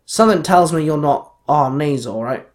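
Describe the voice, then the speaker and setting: A man's voice: a little high, lively intonation, moderate pace, close to an everyday voice. A man reading aloud, voicing a wary young woman ranger who mutters her lines. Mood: muttering.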